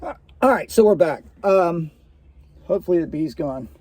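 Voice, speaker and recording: A man's voice: on the high side, animated, measured pace, darkish tone, a little hiss or hum. A man casually telling a personal story in a rambling, conversational way, with many fillers.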